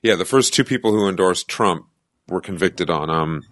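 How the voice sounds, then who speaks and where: A man's voice: low voice, moderate pace, fairly bright tone, dry recording, clean studio sound. A man co-hosting a podcast, chatting loosely about political news and joking and laughing along. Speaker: podcast co-host. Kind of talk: casual political chat.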